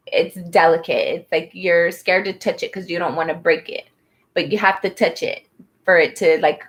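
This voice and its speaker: A woman giving a casual spoken tarot reading, rambling and soothing, with many fillers as she talks. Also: lowish voice. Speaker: tarot reader.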